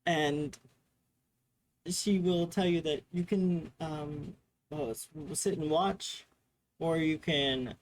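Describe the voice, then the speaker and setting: A man narrating a tabletop game as game master, halting with many fillers. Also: a little high, steady tone, a little hiss or hum, rough recording.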